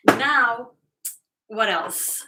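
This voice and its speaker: Slow, bright-voiced woman cooking live. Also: fairly high pitch, low-quality recording. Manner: chatty, thanks viewers, frequent laughs. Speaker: cooking livestream host. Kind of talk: casual live cooking stream. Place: home kitchen.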